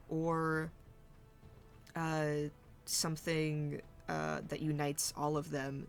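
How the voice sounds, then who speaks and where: Low-voiced woman gm describing the scene, slow and halting, lots of pauses. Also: gravelly. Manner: halting, searching for words, descriptive. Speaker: game master. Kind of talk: narrating a tabletop game.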